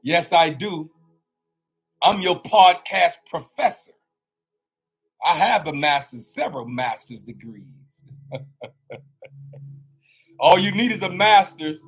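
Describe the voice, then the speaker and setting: A man's voice: high voice, slightly rough, rough recording. A middle-aged man hosting his own podcast as a health coach, talking in a loose, preachy, motivational way with casual slang. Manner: preachy, animated, colloquial with slang.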